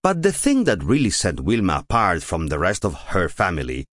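A man narrating a children's picture book audiobook in a slow, playful way. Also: dry recording, studio quality. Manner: slow, very lively pitch, playful.

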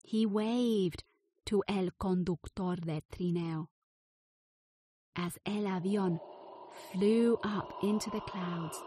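Woman reading a picture book aloud, very slow pace, husky tone, dry close sound. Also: medium pitch, dark tone, dry recording. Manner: slow, clear storybook reading. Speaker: narrator. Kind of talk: children's storybook reading.

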